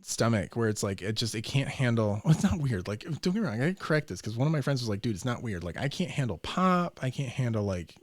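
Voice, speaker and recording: A young man, a podcast guest, telling a story in a loose, profane, animated way and acting out the voices. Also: medium pitch, fast, few pauses, dry recording. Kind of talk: casual storytelling.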